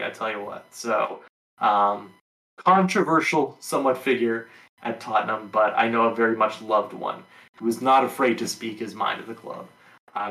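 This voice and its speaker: Rambling man in a roomy space. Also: medium pitch. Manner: relaxed and rambling, with many ums. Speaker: podcast host. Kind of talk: casual sports talk.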